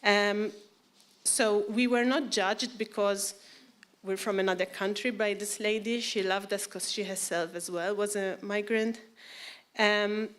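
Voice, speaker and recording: A woman shares her testimony in church at an ordinary middle pitch. She tells the story with energy and slips into the voices of the people she quotes. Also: measured pace. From Malta. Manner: lively storyteller, acts out quoted voices, laughs often. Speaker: church member giving a testimony.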